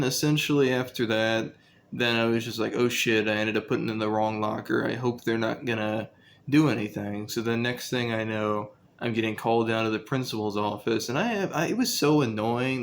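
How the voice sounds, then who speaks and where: A young man casually recounts his school days, rambling and swearing, with lots of fillers. His medium-pitched voice is fairly even at a normal speed, with slight background noise.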